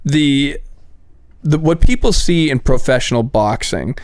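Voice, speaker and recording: Animated, smooth-voiced man telling stories. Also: mid-range voice, a little slow, dry recording, studio quality. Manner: animated storyteller, acts out quotes, swears a lot. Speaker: podcast co-host. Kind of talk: casual chat.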